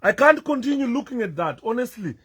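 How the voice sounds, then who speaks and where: A man's voice: extremely high pitch, sing-song, brisk, fairly bright tone, husky. A man giving emotional commentary over video clips, repeating himself with great emphasis. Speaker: political commentator.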